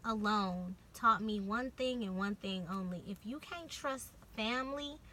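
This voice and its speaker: Animated bright young woman storyteller. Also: mid-range voice, measured pace. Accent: Californian. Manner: animated, swearing, acts out quotes. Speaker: vlogger. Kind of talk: casual storytime.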